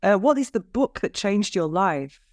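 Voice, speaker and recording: A woman's voice: mid-range voice, animated, normal speed, a little mellow, no room sound. Dry-sounding chatty woman podcast host. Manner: chatty, laughs often, frequent restarts. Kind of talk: casual interview chat.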